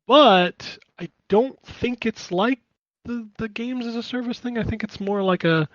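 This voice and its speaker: High-voiced animated man, dull dry mic. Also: a little slow, no echo. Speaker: podcast co-host. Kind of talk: casual chat.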